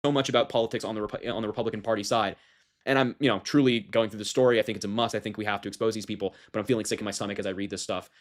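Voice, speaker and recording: A man's voice: fairly low pitch, steady tone, very fast. A man reading a news story aloud and commenting on it with indignant, sarcastic emphasis. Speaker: political commentator.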